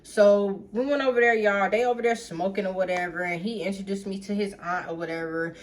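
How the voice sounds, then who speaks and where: A woman tells a personal story to her viewers in a loose, chatty storytime. She is blunt and freely profane, keeps calling out to them as y'all, and slips into quick impressions of what others said. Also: mid-range voice. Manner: animated, reenacts others in quick asides. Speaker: storytime vlogger.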